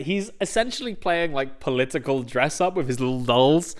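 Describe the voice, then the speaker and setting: A man's voice: medium pitch, animated, normal speed. A young man hosting a comedic video essay, sarcastic and sweary, breaking into rants.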